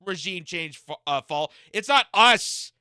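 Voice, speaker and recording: Bright, lively young-sounding man ranting. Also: high-pitched, a little slow, clean tone, dry recording. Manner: mocking, incredulous, laughs often. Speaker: political commentary host. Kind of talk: ranting reaction commentary.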